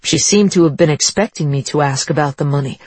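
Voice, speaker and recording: A narrator voicing a respectful woman police officer, measured and polite with her superior. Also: mid-range voice, darkish tone, slightly rough, dry recording, lightly acted.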